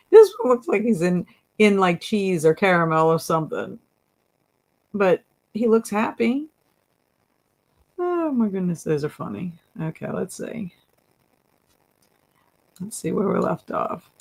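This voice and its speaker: A woman's voice: on the low side, expressive, takes it slowly, creaky, long pauses, fairly bright tone. A woman hosting a casual livestream, chatting and reading viewer comments aloud, laughing often. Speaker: livestream host.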